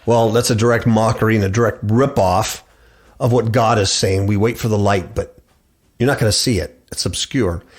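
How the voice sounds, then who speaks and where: A man's voice: lowish voice, fairly even intonation, moderate pace. A middle-aged man hosting a radio show, preaching and reading scripture aloud. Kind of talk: preaching bible commentary.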